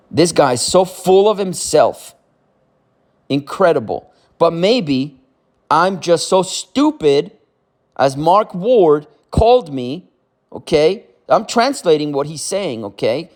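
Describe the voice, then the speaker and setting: Indignant male channel host, slow, high-ish voice, ranting. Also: animated. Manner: indignant, repetitive, frequent "okay?". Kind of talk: ranting commentary.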